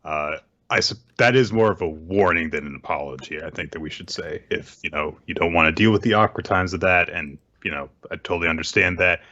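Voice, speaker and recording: Man, podcast co-host, low-key and supportive, very deep voice, forceful bright tone. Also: fairly quick, muffled recording. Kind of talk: casual podcast chat.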